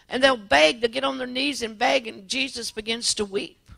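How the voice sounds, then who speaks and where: A woman preaching a testimony sermon in a gravelly, sharp-edged voice. She tells the story earnestly and keeps restarting her phrases. The sound is dry and close. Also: fairly high pitch, steady tone, normal speed, no echo.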